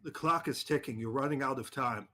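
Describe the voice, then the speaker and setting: A man voicing the spirit of a dead male investigator speaking through a medium in a tabletop horror game, gruff and grumbling. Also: medium pitch, brisk, bright, forceful tone, lightly acted. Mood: ominous.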